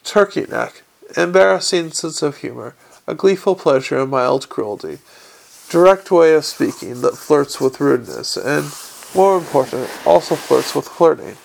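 A man's voice: on the high side, expressive, normal speed, creaky, heavily acted. A man reading an audiobook, voicing a wry, guarded, charming young con man.

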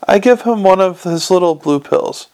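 A man's voice: sits high, lively intonation, moderate pace, a little mellow, voice pushed up, poor audio. A man doing a scruffy, ungrammatical corporal. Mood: helpful. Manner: rough, ungrammatical and chatty. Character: scruffy small male corporal, ungrammatical and helpful.

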